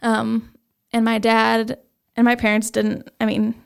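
A young adult woman sharing a personal faith testimony as an interview guest, earnest and halting with many fillers. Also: fairly high pitch, completely flat delivery, creaky, clear, resonant tone.

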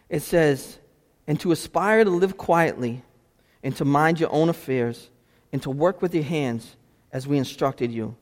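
A male pastor delivers a sermon in a church, his voice a touch higher than most men's. The sanctuary gives every phrase a long, lingering reverb. He moves between hushed, drawn-out moments and loud, animated bursts.

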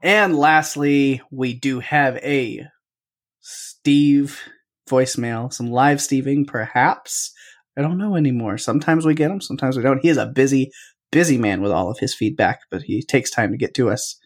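Relaxed woman podcast co-host. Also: a bass voice, measured pace. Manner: relaxed, laughs easily, introduces segments. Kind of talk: casual chat.

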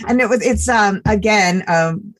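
A middle-aged woman co-hosting a casual chat, her voice gravelly with a husky, breathy edge. She gushes and grows emotional, often trailing off mid-thought and starting over. She has the manner of a former teacher and parent. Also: mid-range voice, measured pace. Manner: gushing, emotional, trails off and restarts. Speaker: podcast co-host reviewing children's books.

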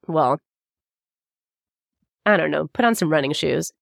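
A woman's voice: low-pitched, animated, a little slow, vocal fry, dry recording, studio quality. A woman co-hosting a podcast, telling a story in a casual chat, laughing often and swearing freely. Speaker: podcast co-host.

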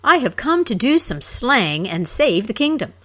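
A blustering young hero in tin armor bellows his demands in a raised, insistent voice, as a woman reader puts him on. His pompous claims rise and fall with lively swings of pitch. It is a storybook poem read aloud slowly. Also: full character voice. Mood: demanding. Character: blustering boastful young male knight in clanking armor.

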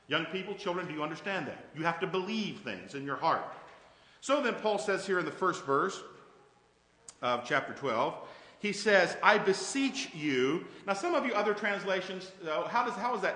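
A man's voice: fairly high pitch, bright, forceful tone. Man preaching a sermon in an echoey church. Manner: conversational, asks the congregation questions. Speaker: pastor. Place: church sanctuary.

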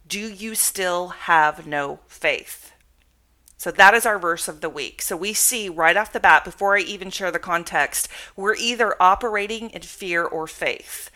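A woman's voice: medium pitch, moderate pace, hardly any pauses, pushed and bright. A woman teaching a devotional Bible lesson on a podcast, reading scripture aloud and then explaining it conversationally.

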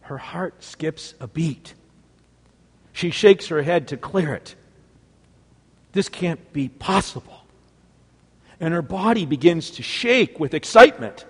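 Slow, dramatic male preacher in a hall. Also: a little high, lively intonation, breathy edge. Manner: sweeping swings between loud exclamation and hushed near-whisper. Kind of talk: dramatic sermon storytelling.

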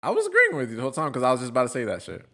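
Casting: male podcast co-host, mid-pitched, loose and profane, easygoing chat. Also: wildly swooping pitch, racing, pushed and bright. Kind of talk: casual chat.

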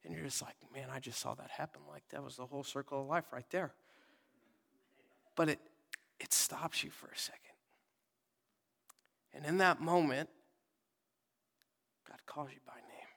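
Casual young preacher in an echoing church. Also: male voice, a little high, steady tone, moderate pace, gravelly, pauses often. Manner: casual, conversational preaching with sudden loud readings and soft whispered asides. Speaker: pastor. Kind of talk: sermon. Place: church sanctuary.

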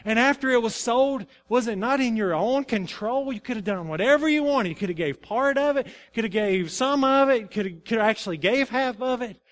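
A man's voice: very high-pitched, lively intonation, brisk, few pauses, fairly bright tone. A man acting out a stern male apostle in a sermon, firing accusing questions at a liar.

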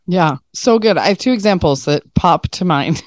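A woman's voice: lowish voice, lively intonation, normal speed, dry recording, studio quality. A woman in her thirties, a mother of young kids, chatting in a self-mocking way and laughing often. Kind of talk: casual podcast chat.

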